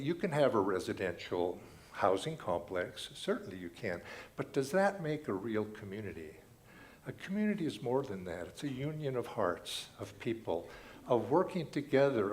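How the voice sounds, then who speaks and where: An older man giving a sermon as a guest speaker in a church, telling stories with animated emphasis. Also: mid-range voice. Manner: animated storytelling, rising and falling emphasis. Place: church sanctuary.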